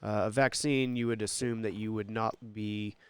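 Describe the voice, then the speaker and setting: A man co-hosting a casual podcast, musing out loud in a halting way with stammered restarts. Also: lowish voice, steady tone, clear, resonant tone. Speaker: podcast co-host. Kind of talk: casual political chat.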